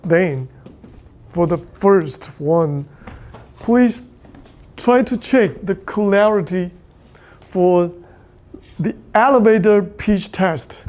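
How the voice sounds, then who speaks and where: A man's voice: sits high, drawn-out words, long pauses, darkish tone. Male lecturer, middle-aged, Taiwanese Mandarin accent, native Mandarin speaker, patient and repetitive classroom instruction. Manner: repetitive, pleading "please" and "okay?", switching between English and Mandarin. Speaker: physics lecturer.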